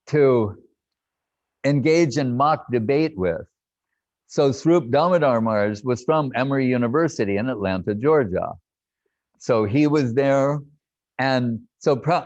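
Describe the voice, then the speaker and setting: An older man reminiscing in a lively storytelling talk, laughing and acting out what others said. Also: medium pitch, no echo. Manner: animated, laughing, acts out quotes. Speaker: devotee recounting memories. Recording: dull lo-fi dry sound.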